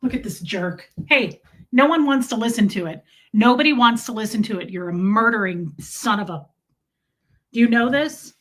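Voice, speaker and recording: A woman's voice: on the high side, expressive, normal speed, a bit bright. A woman hosting a casual livestream from her rural home, chatting with viewers, thanking them by name and swearing freely. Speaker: livestream host.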